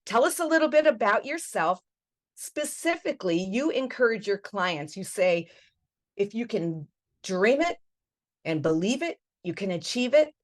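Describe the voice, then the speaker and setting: A woman's voice: mid-range voice, sing-song, measured pace. A woman hosting an interview show, speaking in an enthusiastic, motivational and encouraging way. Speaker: host.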